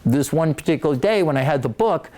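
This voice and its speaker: A man, an author, giving a casual, animated storytelling talk to an audience in a library, joking as he goes. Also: on the high side, fast. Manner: animated, joking, acts out quoted voices. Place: public library meeting room.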